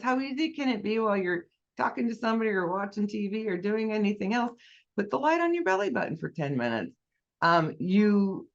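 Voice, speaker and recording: A guest in a casual interview, earnestly explaining a product step by step. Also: medium pitch. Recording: dull lo-fi audio.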